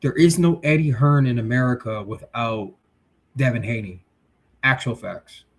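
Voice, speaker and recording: A man's voice: medium pitch, normal speed. A male livestream host chatting casually, reading viewer comments and giving blunt, slangy takes. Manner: blunt, animated, street slang.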